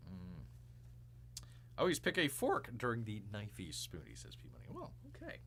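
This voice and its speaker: Animated man doing mock-outraged movie chat. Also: lowish voice, moderate pace, a little hiss or hum. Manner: refers to himself in third person as Bear, jokey, mock-outraged. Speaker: live show host. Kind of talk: rambling casual commentary.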